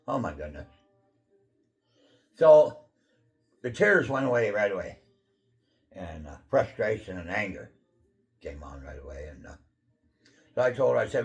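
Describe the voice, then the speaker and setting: Gravelly low-voiced man telling his story. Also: very animated, measured pace, long pauses, muffled recording. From Pacific Northwest of the USA. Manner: rambling, many fillers and throat clearing. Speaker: channel host telling his life testimony. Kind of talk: casual personal storytelling.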